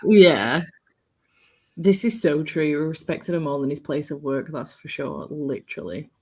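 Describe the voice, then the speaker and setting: A woman's voice: deep voice, lively intonation, unhurried, darkish tone, husky. A woman co-hosting a casual book club chat, frank and chatty, swearing casually.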